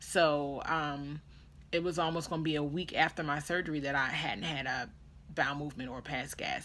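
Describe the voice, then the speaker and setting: A young adult woman telling a story in a casual vlog, animated and dramatic as she acts out what people said. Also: low-pitched, creaky, a little hiss or hum. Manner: animated, dramatic retelling with quoted voices. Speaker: vlogger.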